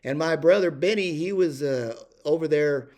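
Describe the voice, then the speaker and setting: A man's voice: a little high, moderate pace, darkish tone. An older man telling a rambling ranch story, full of fillers and restarts. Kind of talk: casual spoken storytelling.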